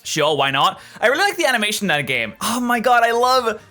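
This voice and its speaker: Young man, game commentary, excitable, jokey, lively pitch, bright tone. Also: quick pace, soft background music. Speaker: let's play host. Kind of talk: gameplay commentary.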